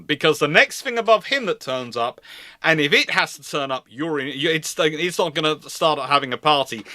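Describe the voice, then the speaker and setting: A man hosting a live naval history stream, explaining things in a playful, animated storytelling way. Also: a little high, normal speed, no echo. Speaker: naval historian and channel host. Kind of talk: live-stream lecture chat.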